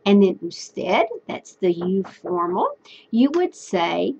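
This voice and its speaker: A woman teaching a recorded Spanish lesson, patiently explaining step by step and repeating phrases slowly. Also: mid-range voice, sing-song, a little mellow, highs cut off, a little hiss or hum.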